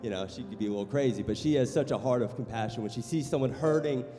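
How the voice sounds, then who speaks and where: A man preaching a sermon as pastor in a church, passionate, moving between loud exhortation and quiet storytelling. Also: mid-range voice, fast. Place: church sanctuary. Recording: long hall reverb with music behind.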